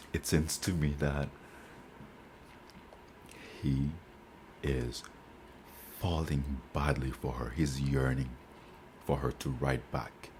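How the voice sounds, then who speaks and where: A man reading old letters aloud and commenting on them between readings, slow and halting with restarts. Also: extremely low pitch, a little mellow, slight background noise. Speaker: book reader and commentator.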